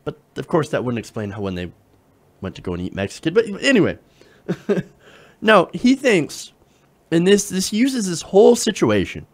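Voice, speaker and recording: A man's voice: on the high side, huge pitch swings, moderate pace, pauses often. A man hosting political commentary, reading an op-ed aloud and mocking it with sarcasm, profanity and laughter.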